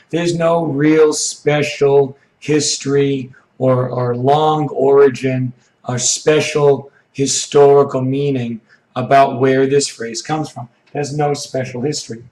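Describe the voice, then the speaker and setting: A man teaching an English idiom lesson, his voice hoarse and froggy from allergies, explaining slowly with frequent "okay"s. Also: mid-range voice, fairly even intonation, a little mellow, roomy sound, low-quality recording. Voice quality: froggy, rough throat.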